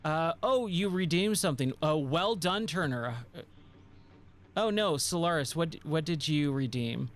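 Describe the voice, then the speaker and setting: A tired, hoarse man chatting casually while live-streaming a game, rambling and repeating words. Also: on the high side, lively intonation, a little slow, fairly bright tone.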